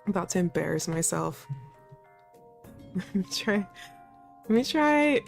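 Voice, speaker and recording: A woman's voice: mid-range voice, expressive, measured pace, gravelly. A woman streamer chatting casually while playing, often laughing and poking fun at herself. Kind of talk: casual let's-play commentary. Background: faint background music.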